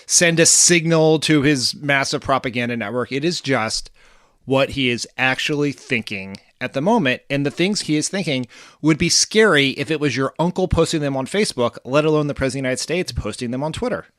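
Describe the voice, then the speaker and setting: A man co-hosting a casual political podcast, wry and deadpan. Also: medium pitch, fairly quick, dry recording, clean studio sound. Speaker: co-host.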